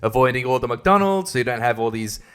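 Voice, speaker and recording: A man's voice: mid-range voice, lively intonation, fast talker, fairly bright tone, smooth. A young man hosting a rambling solo podcast, sarcastic and full of fillers. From Australia. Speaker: podcast host.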